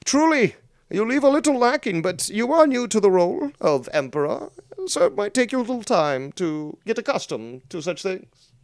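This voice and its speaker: A man voicing a pompous, arrogant male emperor in a haughty, drawn-out manner. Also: high-pitched, very animated, dry recording, studio quality, pitched above the performer's own voice. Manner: haughty, drawn-out, grandiose delivery.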